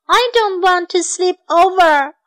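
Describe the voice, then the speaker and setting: A woman's voice: very high-pitched, a little slow, fairly bright tone, pitched above the performer's own voice. A woman doing a timid little piglet girl. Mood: pleading. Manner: pleading, small childlike voice.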